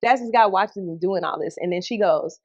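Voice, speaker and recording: A woman's voice: medium pitch, a little fast, muffled recording. A young woman from Atlanta, a radio host and podcast guest, telling stories in a casual interview and acting out what people said. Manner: animated storyteller, acts out quotes.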